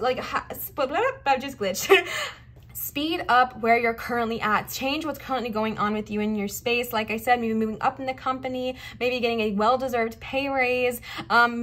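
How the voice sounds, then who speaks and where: Chatty, high-voiced young woman reading tarot. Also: a bit bright. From Southern United States. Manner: chatty and emphatic, repeats encouragements, frequent laughs and asides. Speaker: tarot card reader. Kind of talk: casual tarot reading to camera.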